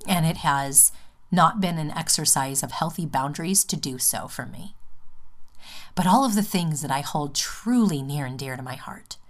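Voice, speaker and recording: A woman's voice: sits low, lively intonation, normal speed. A woman hosting her own podcast, speaking an earnest, heartfelt personal monologue from home, rambling a little with fillers and restarts. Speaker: podcast host. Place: home, just out of the bath.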